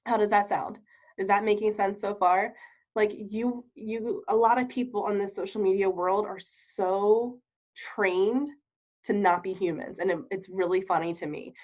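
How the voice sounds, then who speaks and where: A woman's voice: mid-range voice, fairly even intonation, a little slow, darkish tone. A woman giving a casual training talk on network marketing, chatty and laughing often, checking in with her listeners. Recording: dull lo-fi recording.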